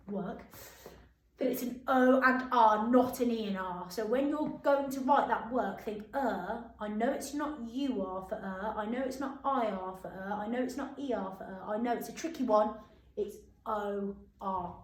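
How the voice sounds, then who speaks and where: A woman teaching a phonics and writing lesson to young children, drawing out words slowly in a sing-song way. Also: on the high side, a little mellow, reverberant, poor audio. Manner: slow, sing-song, drawn-out words for dictation. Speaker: primary school teacher.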